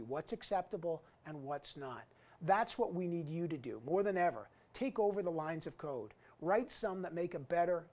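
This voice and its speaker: Earnest, higher-voiced man in his fifties. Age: 50s. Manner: earnest, emphatic, rhetorical. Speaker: alumni guest speaker. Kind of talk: recorded commencement address.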